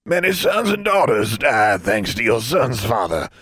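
A man's voice: mid-range voice, big pitch swings, a little slow, fairly bright tone, husky, no echo, pitched above the performer's own voice, heavily acted. A man voicing a hateful, very old male wizard who speaks in a dry, conversational tone. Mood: contemptuous.

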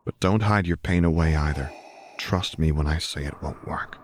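Reader playing a gentle young man, quiet and earnest, very deep voice, slight hiss under it. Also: moderate pace. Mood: tender.

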